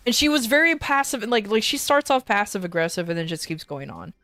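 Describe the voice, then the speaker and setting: A woman's voice: medium pitch, very animated, brisk, fairly bright tone, no echo. Rambling, stammering woman streamer. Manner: rambling, stammering, swears freely. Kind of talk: casual storytelling on a live stream.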